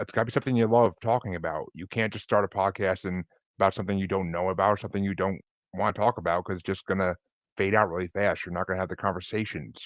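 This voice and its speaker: A man's voice: deep voice, a bit bright, no room sound, dull audio. A man talking as a podcast guest in a laid-back, chatty, rambling way over a video call. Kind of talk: casual interview chat.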